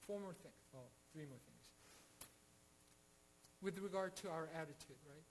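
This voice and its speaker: A man's voice: on the high side, normal speed, a little hiss or hum, low-quality recording. A man teaching a Bible study in an earnest way, with frequent restarts and rhetorical questions.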